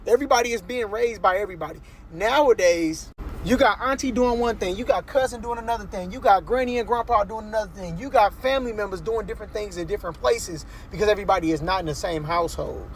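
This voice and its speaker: A man's voice: high-pitched, fast talker, a little hiss or hum. A man and parent giving blunt, profane casual commentary on parenting.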